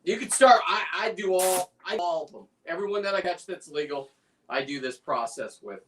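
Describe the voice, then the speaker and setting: A man's voice: high-pitched, expressive, fairly quick, fairly bright tone, far from the mic, slight background noise. A man in casual chat, rambling and talking through a demonstration as he works. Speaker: guest on a fishing livestream, lobster preparer. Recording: away from the mic.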